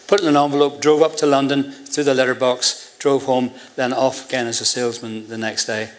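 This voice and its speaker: An older Irishman telling a story to a room, lively and amused, slipping into other people's voices as he quotes them. His pitch sits in an ordinary middle range for a man. His telling is relaxed and full of chuckles. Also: a little fast. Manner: animated, acts out quoted voices with a laugh in his voice. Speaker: interview guest. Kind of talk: anecdotal storytelling before an audience.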